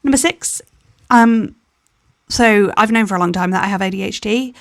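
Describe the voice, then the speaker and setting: A young woman talks in a tired, candid voiceover that wanders and restarts. Her voice has a gravelly, fry-edged texture. It is recorded close up in a dry space. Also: mid-range voice, moderate pace, dry recording. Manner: candid, rambling with restarts and little laughs. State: tired, yawning. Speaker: planner vlogger. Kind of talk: personal voiceover chat.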